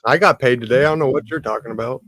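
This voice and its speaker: A man's voice: mid-range voice, very fast, fairly bright tone. A man co-hosting a casual online chat, wisecracking and pressing with follow-up questions. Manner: wisecracking, asks pointed follow-ups.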